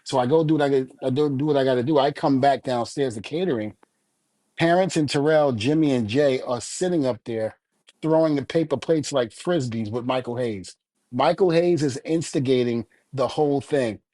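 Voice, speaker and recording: Middle-aged guy telling wrestling stories, gets loud on the quotes, real dry mic. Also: on the high side, brisk, no echo. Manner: animated storyteller, shouts out quoted lines. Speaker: retired pro wrestler, co-host. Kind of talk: casual podcast storytelling.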